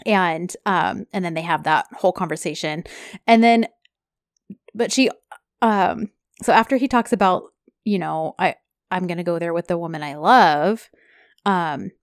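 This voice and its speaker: A woman co-hosting a casual chat, retelling scenes in a chatty, animated way with lots of fillers. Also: fairly low pitch, unhurried, long pauses, no room sound, clean studio sound. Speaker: podcast co-host recapping a TV series.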